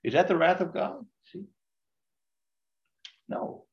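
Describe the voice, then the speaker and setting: A man's voice: on the high side, slow pace. An older man, a priest, leading a Bible study in a conversational way and asking his group questions. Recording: dull lo-fi recording.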